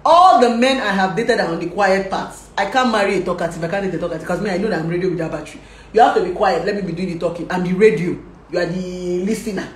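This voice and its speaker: A young Nigerian woman vlogging casually, talkative and lively, laughing often and mixing in Pidgin. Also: on the low side, quick pace, reverberant. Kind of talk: casual advice vlog.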